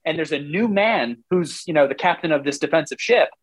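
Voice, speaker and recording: A man's voice: a little high, lively intonation, fairly quick. A man in his forties, a former player now analyzing football in casual talk, rambling animatedly and acting out what coaches would say.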